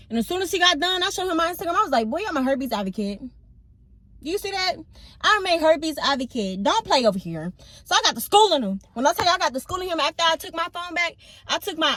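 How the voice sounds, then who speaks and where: A woman's voice: high voice, a bit bright, low-quality recording. A young woman, telling candid, rambling stories in a casual vlog. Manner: candid, slangy, rambling storyteller with filler words. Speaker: vlogger. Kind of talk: casual story-time vlog.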